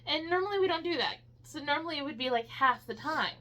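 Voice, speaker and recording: A woman's voice: high-pitched, lively intonation, fast, pushed and bright. A woman co-hosting a casual movie review chat from her couch at home, dry and matter-of-fact. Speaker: co-host of a movie review show. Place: living room couch at home.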